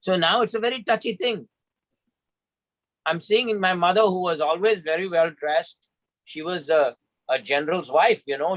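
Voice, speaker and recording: A man's voice: high voice, no room sound, poor audio. A man telling a personal story emphatically as a trainer in an online session.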